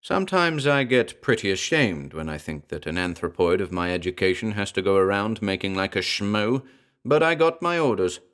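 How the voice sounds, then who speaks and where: A man voicing a gruff male gorilla in a storybook reading, talking in broken pidgin and then in slangy tough-guy wisecracks. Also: lowish voice, sing-song, moderate pace, a bit bright. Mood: wisecracking.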